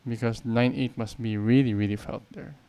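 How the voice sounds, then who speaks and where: A man's voice: mid-range voice, steady tone, moderate pace. A man teaching a piano tutorial, counting beats aloud and explaining patiently. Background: piano playing.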